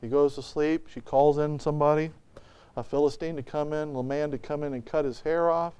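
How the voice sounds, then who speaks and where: High-voiced man preaching an animated sermon. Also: brisk, clear, resonant tone, highs cut off. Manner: animated storytelling, acting out quotes. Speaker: pastor. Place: church.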